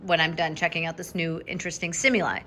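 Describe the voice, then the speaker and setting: A woman's voice: deep voice, little pitch movement, fast talker, bright, forceful tone, pitched below the performer's own voice. A woman voicing the thoughts of a young male dog in an offhand, casual way. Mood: dismissive. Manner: offhand, dismissive.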